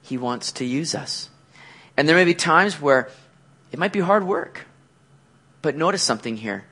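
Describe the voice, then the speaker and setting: Male pastor, sermon delivery, bright high register, swings up and down constantly. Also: moderate pace, slightly rough. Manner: animated preaching with shouted acted-out quotes.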